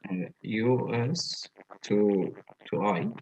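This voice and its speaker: A male student with a low, mellow voice answers slowly and tentatively. Faint noise sits under his voice. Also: lo-fi sound. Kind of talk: answering in class.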